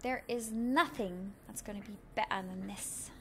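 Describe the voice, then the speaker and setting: A woman's voice: mid-range voice, normal speed, a little hiss or hum. A woman streaming a game live, chatting playfully with her viewers and laughing often at her own jokes. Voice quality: giggly, playful, self-mocking. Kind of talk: live gameplay commentary.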